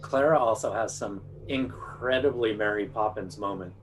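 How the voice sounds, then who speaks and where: A man's voice: lowish voice, normal speed, slight background noise. A man co-hosting a podcast, chatting casually and acting out quotes in playful voices. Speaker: podcast co-host. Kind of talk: casual chat.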